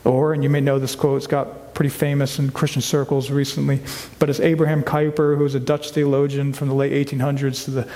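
A man's voice: mid-range voice, flat delivery, a little fast, dark tone. A man preaching a sermon as pastor, earnest, often restarting and repeating his words. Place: church hall. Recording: long hall reverb.

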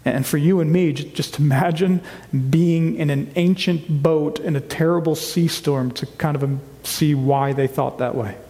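A man's voice: fairly high pitch, steady tone, normal speed, warm tone. A man preaching a sermon as pastor, earnest, often restarting and repeating his words. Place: church hall. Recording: long hall reverb.

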